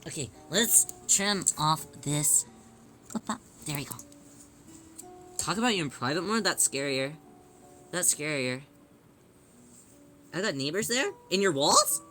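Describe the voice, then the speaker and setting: A woman chatting casually on a livestream as she sews, playful and giggly, answering chat and whining in drawn-out yelps. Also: lowish voice, expressive, pushed and bright, faint music behind. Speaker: streamer.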